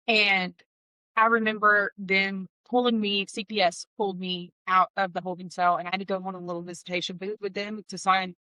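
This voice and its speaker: A woman's voice: medium pitch, little pitch movement, a little fast, pushed and bright, clean tone, no room sound, low-quality recording. A woman telling her personal testimony as an interview guest, candid and heartfelt, with wry asides. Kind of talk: emotional personal storytelling.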